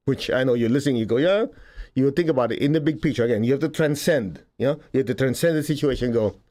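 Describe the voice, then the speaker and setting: A man's voice: mid-range voice, fast talker, warm tone. A man giving a casual spiritual talk to an audience, conversational, laughing often and acting out quotes. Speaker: spiritual teacher.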